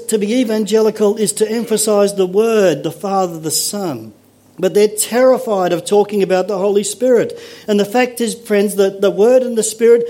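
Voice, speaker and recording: A fairly high-voiced man delivers a sermon to his congregation. He is earnest and emphatic, repeating key phrases and checking in with rhetorical questions. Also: mellow. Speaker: pastor.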